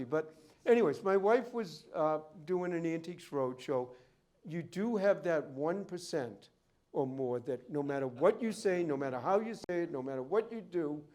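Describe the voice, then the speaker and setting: Guy telling book appraiser stories at a library talk, kinda high voice, wanders off on tangents. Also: darkish tone. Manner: rambling storyteller, goes off on tangents. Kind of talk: public talk with anecdotes. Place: library event room.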